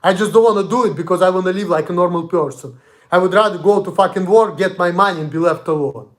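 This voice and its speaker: A young Russian man with a Russian accent and a high voice speaks quickly. He's a vlogger delivering an angry, profane, confrontational monologue.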